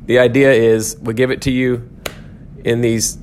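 A man's voice: mid-range voice, flat delivery, unhurried, a little hiss or hum. A man teaching an informal Bible lecture at a church, talking conversationally and correcting himself often, with many "um"s and "okay?"s.

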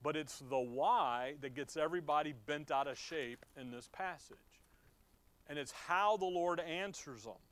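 A man's voice: on the high side, unhurried, fairly bright tone. Conversational man preaching a Bible lesson. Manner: conversational, reads scripture aloud, asks the listeners questions. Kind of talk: Bible teaching sermon.

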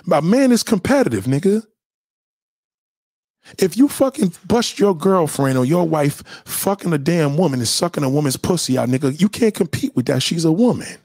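A man's voice: on the high side, expressive, normal speed, darkish tone, dry recording, clean studio sound. A young adult man hosting a livestream, answering chat questions in a heated, repetitive, slangy, profane rant.

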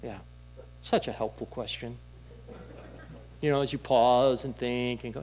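A man preaching a sermon in a candid, conversational storytelling way, with halting restarts. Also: mid-range voice, fairly even intonation, a little mellow, a little hiss or hum, rough recording. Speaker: pastor.

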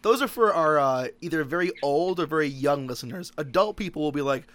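A man's voice: fairly high pitch, lively intonation, brisk, a bit bright, a little hiss or hum. A young man co-hosting a podcast, trading crude jokes in loose, casual banter and swearing freely. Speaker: podcast co-host.

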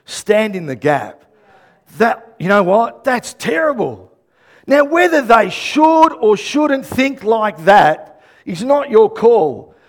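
High-voiced man preaching animatedly. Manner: animated, acts out quoted dialogue, shouts emphasis. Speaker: pastor. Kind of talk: sermon.

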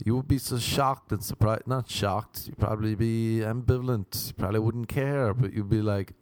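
Irish male comedian-host, low register, rambling sardonic rants, dry sound. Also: fairly even intonation, moderate pace, hardly any pauses, a little mellow, no echo. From Ireland. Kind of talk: casual podcast chat.

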